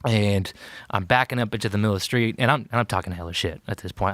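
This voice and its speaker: A man's voice: medium pitch, fast talker, a bit bright, dry recording. An American man, a podcast guest, telling a story in casual talk, acting out quotes and using many fillers. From United States. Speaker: podcast guest, war veteran.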